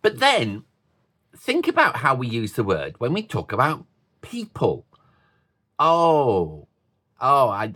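A man preaching slowly to a mixed congregation of adults and children. His pitch rises and falls a great deal, and his thoughtful delivery is broken up by playful asides. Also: very animated, bright, forceful tone. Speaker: pastor.

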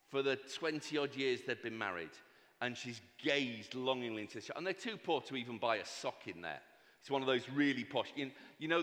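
A man telling a long comic joke at an event, animated and breaking off for asides to the audience. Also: mid-range voice. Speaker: speaker at a fundraising event. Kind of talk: comic storytelling with slides. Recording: reverberant hall.

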